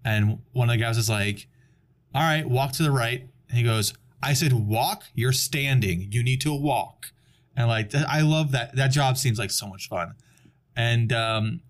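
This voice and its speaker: A young adult man chatting casually on a podcast, telling a long story and acting out the people in it. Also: mid-range voice. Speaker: podcast guest. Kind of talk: casual chat.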